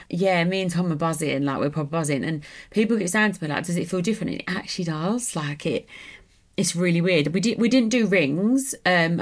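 A young woman, chatting casually and rambling with lots of fillers as a podcast host. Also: lowish voice. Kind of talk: casual solo chat.

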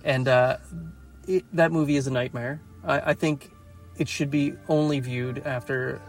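Gravelly-voiced reflective Canadian man. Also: mid-range voice, fairly even intonation, a little slow, faint music behind. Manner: reflective, chatty, laughs easily. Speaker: podcast co-host. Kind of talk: casual chat.

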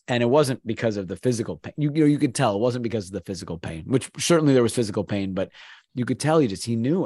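A man's voice: medium pitch, darkish tone, dry recording, studio quality. A man, a sports play-by-play announcer, talking in a casual podcast chat, earnest and rambling, often restarting his sentences.

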